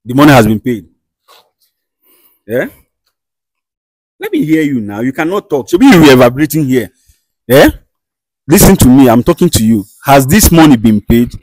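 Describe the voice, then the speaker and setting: A man with a Nigerian accent acting as a show host who calmly mediates a dispute and questions firmly. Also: mid-range voice, moderate pace, long pauses, dry recording. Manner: soothing, repeats "calm down", firm questioning. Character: male show host, calm and commanding mediator. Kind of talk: comedy skit acting.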